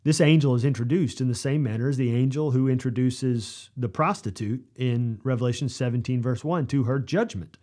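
A middle-aged man preaching a verse-by-verse sermon, reading scripture aloud in a measured way and then explaining it. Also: mid-range voice, warm tone.

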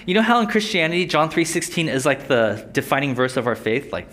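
A man's voice: mid-range voice, expressive, quick pace, few pauses, fairly bright tone. A young adult man teaching a Bible lesson in a casual, conversational sermon style, often asking his listeners questions. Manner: conversational, asks the audience questions.

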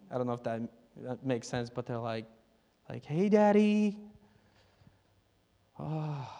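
A man with a high voice delivers a relaxed, chatty sermon from the stage. He slips into quick imitations of other people's prayers and chuckles along the way. His voice carries through a large church hall with a long, lingering reverb. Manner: conversational, self-laughing, mimics others' prayers. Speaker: pastor.

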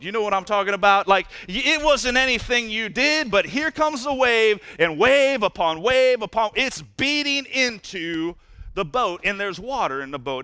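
A man pastor preaching a sermon to his church, animated and playful, swinging from loud bursts to hushed asides. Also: high-pitched, smooth, no room sound.

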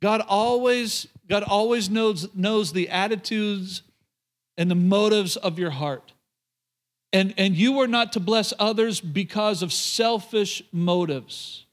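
A man with a high voice preaches to a congregation, swinging between earnest exhortation and playful jokes. He slows right down to stress key lines, then rattles off quick asides to the room. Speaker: pastor. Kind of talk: sermon. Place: church before a live congregation.

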